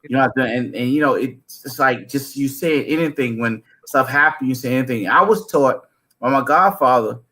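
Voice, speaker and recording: A man's voice: medium pitch, moderate pace, sharp tone. A man hosting an interview, responding in an earnest, reflective, conversational way. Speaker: host. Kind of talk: casual interview chat. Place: interview studio.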